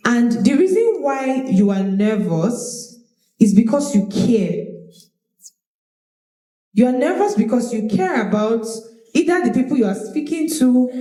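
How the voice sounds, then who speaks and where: Woman speaking coach, lively high voice, roomy live-workshop sound. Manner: animated, demonstrative, repeats words. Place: large room with audience. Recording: roomy echo of a hall.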